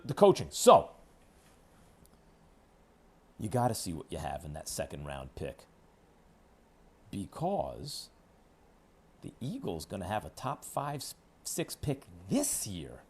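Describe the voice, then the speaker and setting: A man hosting a sports radio show, delivering an opinionated monologue in an emphatic, hectoring way that swings between loud declarations and low asides. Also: huge pitch swings, unhurried, long pauses, a little hiss or hum. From New York.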